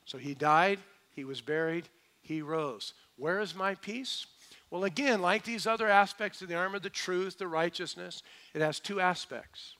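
A middle-aged male pastor preaching a sermon, building to emphatic points and then dropping soft and low. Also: moderate pace.

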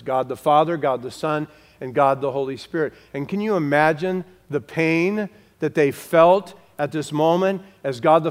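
A man preaching a sermon to his congregation, slowing for emphasis and dropping to a hush on key words. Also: a little high. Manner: direct, talks to the congregation. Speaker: pastor.

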